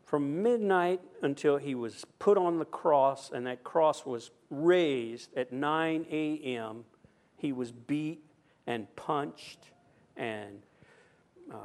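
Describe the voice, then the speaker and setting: Guy preaching a sermon, slow and deliberate, kinda high voice, reads scripture then gets fired up explaining it. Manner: slow, deliberate reading that turns into lively, emphatic preaching. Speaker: pastor. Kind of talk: sermon with scripture reading and commentary.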